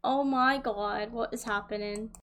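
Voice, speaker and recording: Playful teasing woman chatting w friends on a stream, voice sits a bit high. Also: steady tone, unhurried, a bit bright, faint music behind. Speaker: co-host. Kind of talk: casual group chat.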